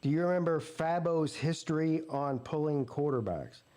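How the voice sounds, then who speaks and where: A man with a fairly high voice and a dark tone speaks at a moderate clip. He's a sports channel host at a live football watch party, spinning stories and ranting with lots of profanity.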